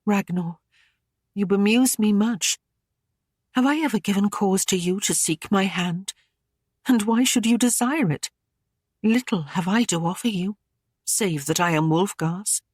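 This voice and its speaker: A man's voice: a little slow, long pauses, no echo, studio quality. A man reading an audiobook who voices a proud young noblewoman by raising his voice. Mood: wary, proud. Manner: raised, higher voice for the woman.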